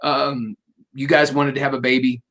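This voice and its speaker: A middle-aged man hosting a casual interview, rambling warmly through personal stories and cracking jokes. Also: medium pitch, little pitch movement, normal speed. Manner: rambling, storytelling, jokey. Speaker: radio show host.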